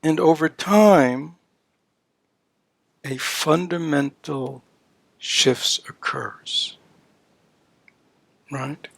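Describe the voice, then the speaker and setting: An older man teaching the dharma in an unhurried, gravelly voice that sits a little high for a man. He keeps checking in with his listeners with little "you know"s and "right?"s. The sound is close and dry, with almost no room around it. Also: a bit bright, no room sound. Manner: voices playful baby-talk examples. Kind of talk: dharma talk at a retreat.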